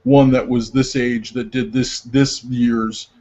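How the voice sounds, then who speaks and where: A man's voice: medium pitch, slow pace. A man co-hosting a casual podcast chat, rambling with lots of filler words as he tells stories. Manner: rambling, many filler words, animated retelling. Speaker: podcast co-host. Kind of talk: casual chat about movies. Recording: dull lo-fi sound.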